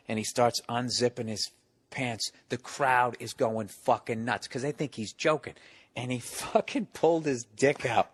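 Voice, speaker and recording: A man's voice: medium pitch, moderate pace, husky, no room sound. Male comedian guest, salty anecdotes, acts out every quote, dry close sound. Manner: profane, animated storyteller who acts out quotes. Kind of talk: casual storytelling on a talk show.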